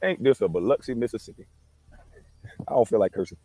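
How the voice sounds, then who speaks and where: A man's voice: lowish voice, lively intonation, mellow, no echo. A man chatting casually on a livestream through a headset outdoors, rambling and cursing. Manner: rambling, cursing, quick talk. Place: outdoors in the wind.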